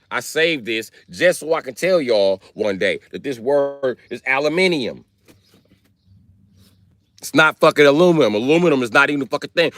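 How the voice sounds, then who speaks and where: An American man rants on a live stream, loud and full of swearing. His pitch swings widely as he gets worked up, and the sound is dry and close. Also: normal speed, dry recording. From United States. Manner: loud, swearing, animated ranting. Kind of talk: profane live-stream rant.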